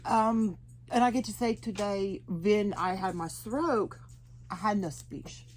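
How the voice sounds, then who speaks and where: A woman from Oklahoma with an Oklahoma accent and slowed, halting speech after a stroke, chatting and laughing as she tells her story in an interview. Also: mid-range voice, a little mellow. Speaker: interview guest. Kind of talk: personal testimony.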